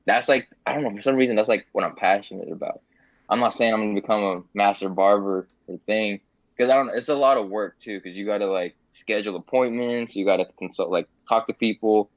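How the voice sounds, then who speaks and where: Low-voiced man on a dull, dry line. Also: a little fast, dry recording. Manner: relaxed, rambling, many fillers. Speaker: podcast guest. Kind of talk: casual chat.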